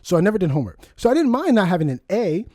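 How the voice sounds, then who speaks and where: A young man telling a story in a casual podcast chat, animated and profane, laughing often. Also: high voice, rapid-fire, no echo, clean studio sound. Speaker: podcast co-host.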